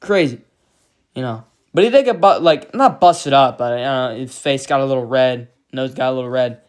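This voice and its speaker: A man's voice: medium pitch, normal speed, smooth. A man giving a casual fight recap, blunt and profane, rambling through his opinions. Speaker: MMA commentator.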